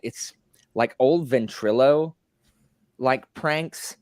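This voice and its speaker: A man with a very low voice hosts a casual podcast, rambling and teasing his guests. His voice is close and dry, picked up by a computer mic at home. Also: lively intonation, normal speed, no echo. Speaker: podcast host. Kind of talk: casual chat. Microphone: computer mic on a voice call.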